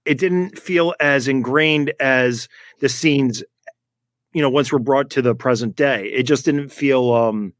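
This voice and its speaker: A man's voice: medium pitch, a little slow, dry recording, clean studio sound. A man co-hosting a casual movie podcast, talking in a thoughtful, hesitant way. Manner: thoughtful, hesitant, many fillers.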